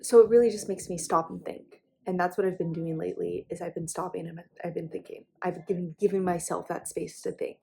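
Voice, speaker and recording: A woman's voice: lowish voice, fairly even intonation, fairly quick, creaky, hardly any pauses, dark tone, a little hiss or hum. A young woman speaking candidly to her channel in a personal confessional vlog, emotional and close to tears, with frequent restarts and fillers. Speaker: vlogger.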